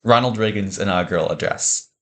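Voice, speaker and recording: A man's voice: on the low side, fairly quick. Earnest man narrating a script.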